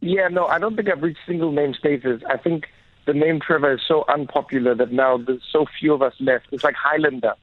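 South African comedian on a tinny line. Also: male voice, fairly high pitch, a little fast, no room sound. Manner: animated, storytelling, laughing easily. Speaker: comedian guest. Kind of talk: casual radio interview. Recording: tinny, phone-like, dry radio sound.

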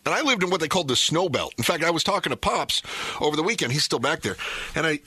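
A man's voice: on the high side, very animated, fast, bright, forceful tone, slightly rough. A middle-aged man from northern Michigan, hosting and chatting casually, rambling with many fillers. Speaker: radio show host. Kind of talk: casual chat.

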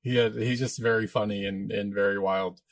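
A man's voice: on the low side, steady tone, brisk, no echo. A man hosting a casual livestream, answering viewer questions in a rambling, easygoing way. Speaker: livestream host and minister.

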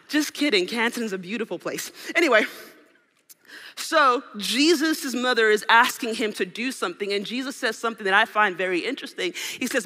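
High-voiced, bright preacher in a hall. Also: male voice, fairly quick. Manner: playful, joking with a live audience. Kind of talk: sermon. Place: church hall with live audience. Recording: reverberant hall with keyboard music.

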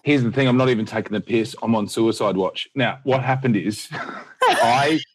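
A man's voice: mid-range voice, moderate pace. A man, a comedian, chatting frankly and laughing a lot as he tells stories from a hotel room. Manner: frank, storytelling, swears freely, laughs often. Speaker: comedian guest. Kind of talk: casual podcast chat.

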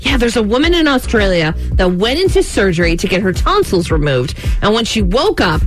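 Animated chatty woman host. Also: medium pitch, a little fast, soft background music. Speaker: podcast host. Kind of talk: casual chat.

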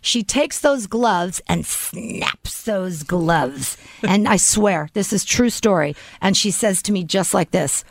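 A middle-aged woman co-hosting a casual studio chat, telling a story animatedly and dropping her voice low to quote others. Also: expressive, slow, dry recording.

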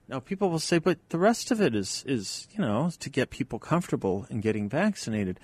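A man's voice: mid-range voice, big pitch swings, a little fast, few pauses, a little mellow, slightly rough, no echo. A man hosting a talk radio show, talking in a conversational, wry and emphatic way into a studio microphone. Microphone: studio microphone, dry.

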